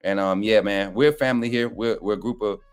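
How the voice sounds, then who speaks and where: A man's voice: fairly low pitch, brisk, clean tone, faint music behind. A young man, a co-panelist on a sports show, chatting casually and folksily with his viewers. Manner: relaxed, folksy, addresses viewers as y'all. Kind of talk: casual live stream chat.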